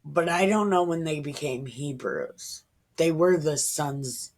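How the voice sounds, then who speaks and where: A deep, darkish female voice takes its time. She's in her thirties, reading the Bible aloud and pondering it in an offhand, irreverent manner that sometimes sinks to a whisper.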